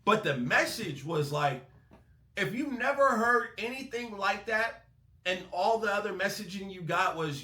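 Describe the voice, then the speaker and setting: A man hosting a music breakdown channel, talking in a casual, excitable, profane way. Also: high-pitched, moderate pace, roomy sound. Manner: animated, excitable, swears freely. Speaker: music reaction host.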